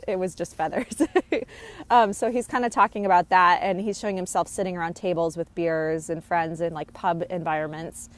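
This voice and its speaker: A woman talking casually as she relays a spirit's messages, hesitant with many fillers and restarts, laughing now and then. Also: medium pitch. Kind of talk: casual channeling monologue.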